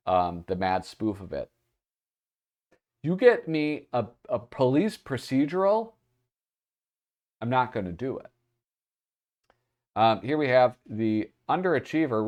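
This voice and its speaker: A man's voice: mid-range voice, a little mellow. A man hosting a casual read-through, reading passages aloud and breaking off for chatty asides and chuckles. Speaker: host.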